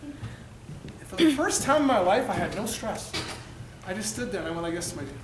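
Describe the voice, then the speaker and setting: Fast, high-voiced man speaking in an echoey hall. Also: background noise. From Canada. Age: 30s. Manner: animated, acts out quoted voices. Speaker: motivational speaker. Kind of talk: motivational storytelling to students. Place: high school gym or auditorium. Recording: echoey hall, mic at a distance.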